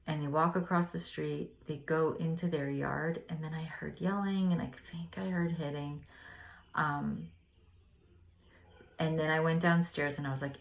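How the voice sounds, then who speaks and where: Low-voiced woman sharing a spiritual reflection. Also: moderate pace. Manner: rambling, earnest, many "like" fillers. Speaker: podcast host reading spiritual lessons. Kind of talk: casual spiritual reflection and storytelling.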